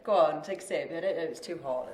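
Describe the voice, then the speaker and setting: A woman's voice: sits low, fast, a little mellow. A woman co-hosting a podcast, chatty and casual with friendly laughs. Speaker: podcast co-host, accountant. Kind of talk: casual chat. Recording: echoey room.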